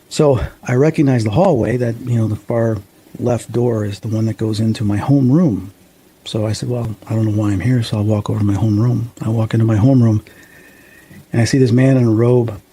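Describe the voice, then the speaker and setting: Gravelly, low-toned man telling a story. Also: warm tone. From United States. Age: 50s. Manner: earnest, acts out quoted dialogue. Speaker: guest medium. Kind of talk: personal storytelling.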